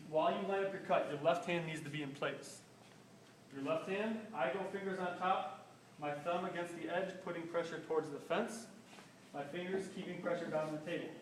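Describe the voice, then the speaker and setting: The young man's voice is on the high side, heard over slight background noise in roomy, distant audio from a camera microphone. He is a shop safety instructor giving a casual band saw safety demonstration in a school workshop, moving around the machine while explaining. Informal throughout, he repeats "basically" and "rule of thumb".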